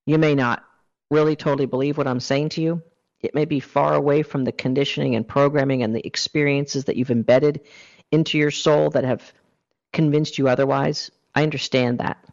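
A man's voice: medium pitch, fairly even intonation, a little fast, gravelly. A man giving a motivational self-help talk, coaching the listener earnestly through a guided exercise. The recording sounds dull and lo-fi.

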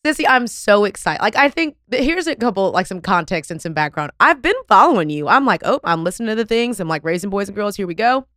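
A woman, hosting a podcast interview in an effusive, animated way with casual slang. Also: mid-range voice, fast talker, hardly any pauses, dry recording, studio quality. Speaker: podcast host.

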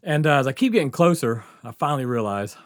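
A man's voice: medium pitch, quick pace. Man telling a wild story with laughs. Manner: swearing, laughing often, animated. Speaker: podcast host. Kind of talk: casual storytelling.

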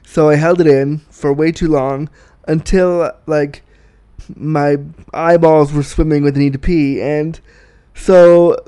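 Canadian man hosting a podcast, crude self-mocking storyteller, smooth warm tone. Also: on the high side, fairly even intonation, takes it slowly. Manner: profane, self-mocking, laughs at own jokes. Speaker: podcast host. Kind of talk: candid storytelling monologue.

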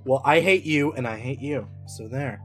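A man's voice: mid-range voice, soft background music, close to an everyday voice. Brief: male improviser as an aggressive, swearing monster head. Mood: bitter. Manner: aggressive, swearing, fast-ranting. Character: hostile head of an adult male hydra, hates everyone. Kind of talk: improvised comedy podcast.

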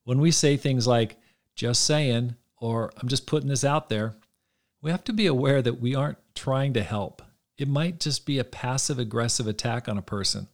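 A man hosting a podcast, reading aloud from his own book in an earnest, measured way. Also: mid-range voice. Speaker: podcast host.

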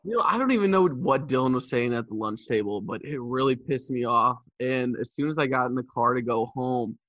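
A man's voice: mid-range voice, fairly quick, no echo, lo-fi sound. Young man laughing through a story. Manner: laughs often, swears, animated retelling. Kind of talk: casual storytelling chat.

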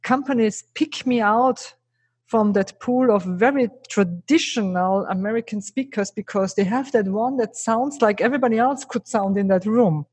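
A middle-aged woman who isn't a native English speaker appears as a guest on a podcast, where she works as a keynote speaker and trainer. She recounts her career story earnestly and emphatically, often tossing in a rhetorical "right?". Her voice is medium-pitched, a little mellow and husky, at a moderate pace, with no echo.

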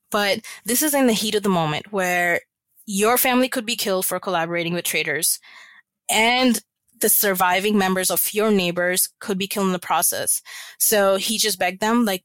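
A woman speaks earnestly as she tells a long family story in a podcast interview. Her voice sits at a middle pitch, and the recording is dry, with no room sound. She talks reflectively and fills her sentences with casual "you know"s. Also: moderate pace, fairly bright tone, no room sound. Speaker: podcast guest.

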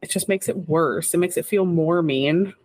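A woman's voice: lowish voice, normal speed, darkish tone, dry recording. A woman co-hosting a casual podcast chat, giggly and rambling after some wine. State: tipsy from wine. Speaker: podcast co-host.

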